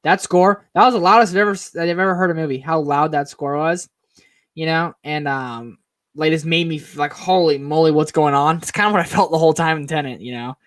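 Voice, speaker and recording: Young male co-host, relaxed casual talker, dry close recording. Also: on the high side, a little fast, no echo. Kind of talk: casual live-stream chat.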